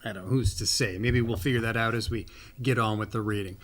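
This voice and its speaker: A man's voice: lowish voice, fairly even intonation, fast talker, a bit bright. A man hosting a birthday reading show in a casual, rambling, folksy way. He makes playful asides and keeps coming back to a catchphrase as he reads from a book. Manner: rambling, folksy, often says "that's right". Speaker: host of a birthday reading channel.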